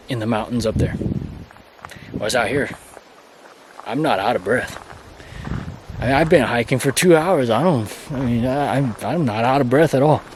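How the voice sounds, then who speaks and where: A man chatting to himself as he walks a forest trail outdoors, his voice at an ordinary middle pitch. He rambles and jokes along the way, with a faint hiss of open air behind him. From Colorado. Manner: rambling, playful, talks to himself while hiking. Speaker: hiking vlogger. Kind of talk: casual hiking vlog talk.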